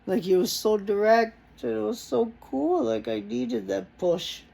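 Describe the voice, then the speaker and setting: A man's voice: sits high, a little slow, vocal fry, dark tone. A man recording a casual personal message to his partner, speaking earnestly and in a rambling way, with Spanish words mixed into his English. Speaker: vlogger addressing his partner.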